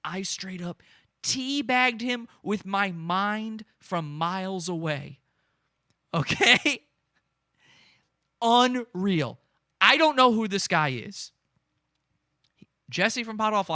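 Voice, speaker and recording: A man's voice: sits high, lively intonation, takes it slowly, long pauses, bright, forceful tone, no room sound, clean studio sound. A man hosting a podcast, giving gleeful, mocking live commentary on stream footage and breaking into laughter. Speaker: podcast host.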